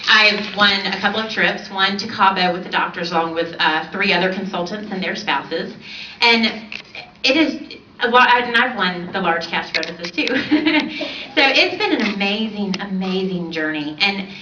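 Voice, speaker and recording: Bright-voiced woman telling her story on stage. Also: medium pitch, normal speed, slight background noise. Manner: animated storyteller, laughs often. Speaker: speaker on stage. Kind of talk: personal testimony speech. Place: large event hall on stage. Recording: roomy distant hall audio, dull.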